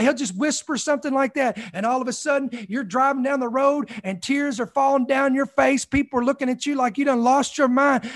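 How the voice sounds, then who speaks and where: A man preaching a sermon with fervor, building up repeated phrases and calling out "come on" to the congregation. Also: very high voice. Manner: fervent, repetitive preaching with calls of "come on".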